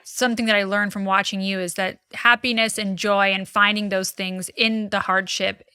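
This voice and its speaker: A woman's voice: medium pitch, level tone, moderate pace, sharp tone, clear, resonant tone, no room sound. A woman hosting an interview podcast, enthusiastic and affirming toward her guests. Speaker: podcast host. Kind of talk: warm interview conversation.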